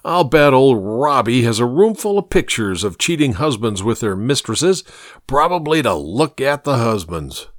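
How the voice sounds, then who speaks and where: A man's voice: medium pitch, big pitch swings, moderate pace, no room sound, clean studio sound, close to an everyday voice. Man playing a crude, sneering bully of a fiancé. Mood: mocking. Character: crude, mocking grown man, brash fiancé.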